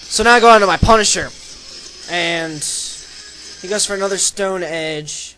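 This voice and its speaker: Young guy talking thru his game battles, high bright voice, gets loud and hyped, faint music under it. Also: moderate pace, poor audio. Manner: energetic, breaks into loud excited shouts. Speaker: gaming channel host. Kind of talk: excited battle commentary over gameplay video. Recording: voice-over with faint background music.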